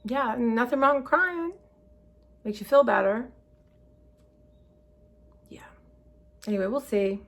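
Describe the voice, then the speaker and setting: Slow and full of long pauses, this woman's fairly high voice has lively intonation and vocal fry. In a rambling, casual vlog she comes across as scattered, chatty, tired, and emotional, frequently saying "y'all."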